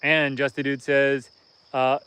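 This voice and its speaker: A man's voice: medium pitch, completely flat delivery, slow, sharp tone, smooth. A Canadian man in his thirties, hosting a casual homesteading livestream outdoors and chatting in an easygoing, rambling way. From northern Canada. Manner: easygoing and rambling, reads viewer comments aloud.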